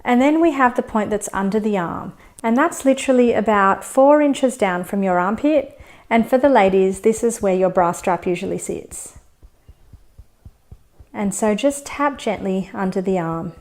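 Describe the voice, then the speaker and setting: Woman instructor, calm and steady, explains tapping points and scripts. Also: medium pitch. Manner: calm, steady guidance, slowing down for demonstration scripts. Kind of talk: instructional demonstration.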